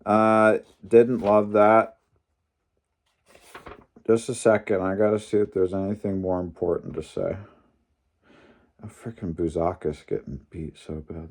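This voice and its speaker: A young man talks in a casual vlog with a lowish voice. He sounds animated and opinionated and drops in mild swearing while he recaps the day. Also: unhurried. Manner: animated, opinionated, mildly profane. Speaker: wrestling fan commentator.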